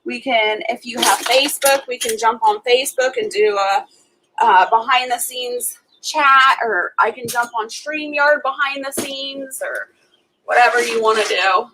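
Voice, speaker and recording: Woman host, live-stream chat, laughs often, high voice, faint background noise. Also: lively intonation, unhurried. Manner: friendly, laughs often, offers help. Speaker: homestead channel host.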